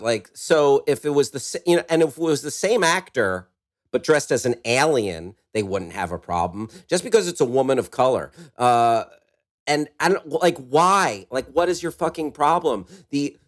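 A man's voice: mid-range voice, animated, normal speed. A man in a mid-range voice co-hosts a casual podcast. He talks bluntly, swears, and stumbles through fillers. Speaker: podcast co-host. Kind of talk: casual chat.

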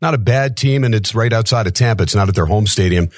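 Deep-voiced man, rapid rambling betting talk. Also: dry recording, clean studio sound. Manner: rambling, many fillers, laughs at himself. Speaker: sports betting panelist. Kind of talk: casual betting analysis.

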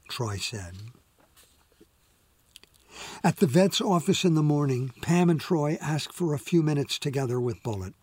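A man reads a story aloud in a measured, gentle way, taking his time over each line. His voice sits a bit high for a man, and the sound is close and dry. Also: dry recording. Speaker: audiobook narrator. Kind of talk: scripted narration.

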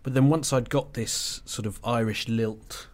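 A man on a podcast panel talking over a novel, halting and restarting often as he thinks aloud. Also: mid-range voice, fairly even intonation. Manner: halting, with many restarts and fillers. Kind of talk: casual book club discussion.

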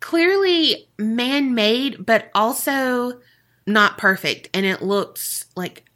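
A woman's voice: on the high side, animated, slow, fairly bright tone. A woman co-hosting a podcast, telling a story in casual, profane chat full of "like" and "you know", often giggling. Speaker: podcast co-host.

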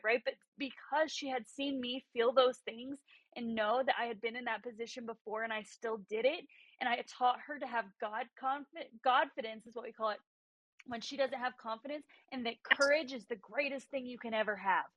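Fervent woman, 30s, kinda high voice, guest on a call, dry close sound. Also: fairly bright tone, no room sound, poor audio. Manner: passionate, faith-driven storytelling. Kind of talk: livestream interview. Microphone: remote call.

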